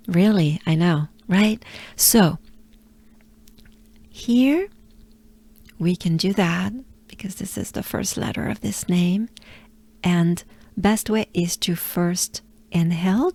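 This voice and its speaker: A woman from France with a French accent, patiently teaching pronunciation, repeating each word and sometimes dropping to a soft breathy voice to demonstrate. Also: fairly low pitch, takes it slowly, no room sound. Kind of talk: slow, patient pronunciation lesson.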